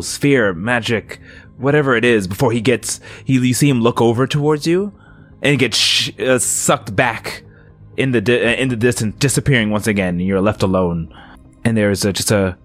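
Man, game master narration, slightly low voice, soft music behind. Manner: slow, atmospheric, with restarts.

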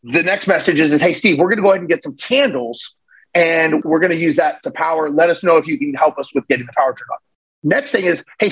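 A man guest on a podcast, telling a story in a casual, animated way and acting out the voices of the people in it. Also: high voice, slightly rough, poor audio. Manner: animated, acts out voices in his stories. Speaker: podcast guest, real estate investor.

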